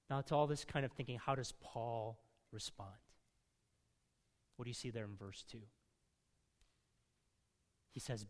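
Slow emphatic preacher in echoing hall. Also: male voice, medium pitch. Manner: emphatic, swinging between loud stresses and quiet asides. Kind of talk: sermon.

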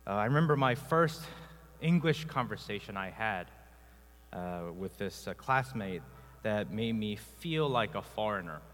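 A pastor from South Korea preaching a sermon, telling personal stories in a conversational way with many filler sounds. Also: male voice, fairly low pitch, lively intonation, a little slow, fairly bright tone, in a large hall.

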